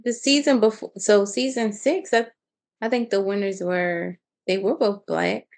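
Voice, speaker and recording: A woman co-hosting a podcast, chatting casually about a reality show and often pausing to search for words. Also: medium pitch. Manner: hesitant, searching for words, many ums. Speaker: podcast co-host. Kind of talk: casual reality-TV recap chat.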